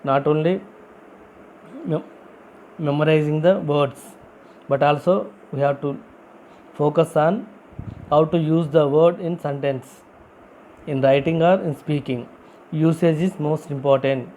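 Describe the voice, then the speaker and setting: A man's voice: fairly high pitch, fairly even intonation, measured pace, long pauses, mellow, a little hiss or hum, rough recording. A man who is not a native English speaker teaching a vocabulary lesson, explaining step by step, asking and answering his own questions and repeating key phrases. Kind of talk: classroom-style vocabulary lesson.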